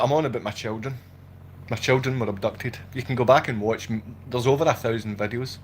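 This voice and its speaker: A man's voice: mid-range voice, a little hiss or hum. A man at home, speaking in an impassioned, agitated livestream monologue and repeating himself as he rants. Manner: agitated, repetitive, ranting. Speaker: vlogger. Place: at home indoors.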